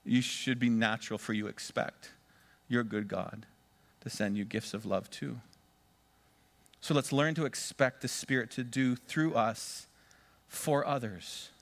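Male pastor, mid-pitched voice, sermon delivery, emphatic stresses, call-and-response with the congregation. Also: fairly even intonation, unhurried. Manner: emphatic, swings between loud stresses and quiet asides.

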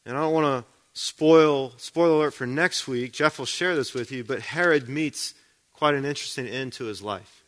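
A man's voice: medium pitch, normal speed. A man preaching a sermon in a conversational way, often checking in with the congregation with questions.

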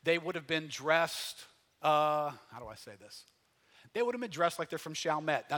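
Folksy bright-voiced preacher man in reverb. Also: fairly high pitch, expressive, normal speed, a little hiss or hum. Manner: folksy, peppered with rhetorical questions, swells loud for emphasis. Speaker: pastor. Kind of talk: conversational sermon. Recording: long hall reverb.

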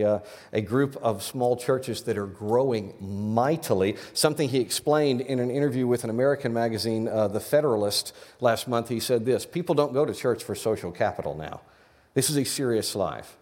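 A man preaching an earnest, animated sermon as pastor, often restarting his phrases. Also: medium pitch. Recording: long reverb of a large hall.

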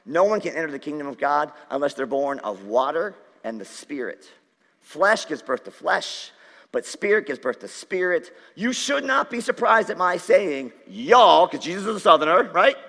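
Bright-voiced pastor in a reverberant hall. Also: male voice, on the high side. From Dutch, Irish, Scottish and Jewish heritage. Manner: conversational, jokey preaching with audience asides. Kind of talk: sermon. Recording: church hall with long reverb.

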